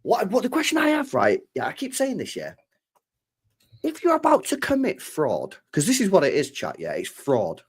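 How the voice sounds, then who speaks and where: Guy ranting about football on a late night stream, pitch all over the place, lots of swearing. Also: normal speed, slightly rough. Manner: swears freely, animated, acts out imagined dialogue. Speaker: football channel host. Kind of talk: live stream football chat.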